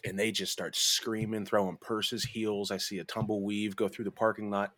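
A man's voice: moderate pace, no echo. Foul-mouthed man telling a rowdy story. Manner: profane, animated, bursts into high mimicking voices. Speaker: podcast host. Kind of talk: casual storytelling chat.

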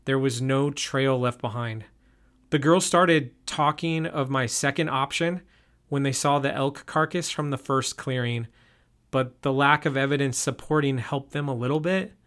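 A man narrating a first-person story in an even, steady reading voice. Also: mid-range voice, normal speed.

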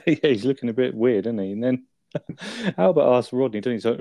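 A man's voice: medium pitch, wildly swooping pitch, normal speed, pauses often, mellow, no echo, studio quality. A man in a casual chat about a sitcom episode, laughing often, swearing and quoting the characters. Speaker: podcast co-host.

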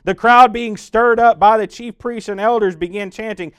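A man preaching a dramatic sermon that walks the listener through the scene as "you", swelling loud and then dropping to a hush. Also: high voice, expressive, moderate pace, clear, resonant tone, no echo. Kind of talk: dramatic guided sermon narration.

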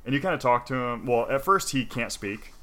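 Bright-toned man in loose, profane chat. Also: mid-range voice, animated, brisk. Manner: loose, profane, full of fillers. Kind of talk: casual chat retelling a game story.

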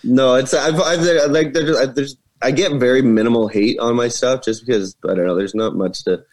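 A man from Canada chats easily in a casual interview. He tells stories loosely, with lots of fillers, at an ordinary mid pitch. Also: fairly even intonation, normal speed, a little mellow. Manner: laid-back storyteller, many fillers like "like" and "uh". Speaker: guest, viral comedy creator.

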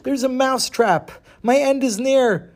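A man doing a panicked squeaky little mouse. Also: measured pace. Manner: high, pleading, breathless alarm.

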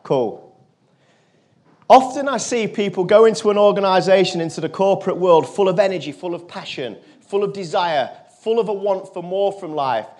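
A motivational speaker addresses a crowd. His voice sits fairly high for a man, and he talks earnestly, sinking low and quiet when he quotes other people. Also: moderate pace. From England. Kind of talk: storytelling speech to an audience.

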